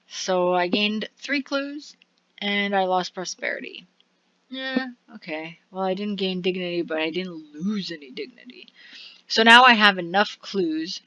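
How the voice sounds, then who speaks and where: A woman's voice: medium pitch, pushed and bright, no room sound. A woman narrating a story game, reading its text aloud and then muttering through her choices. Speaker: let's play narrator. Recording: dull lo-fi recording.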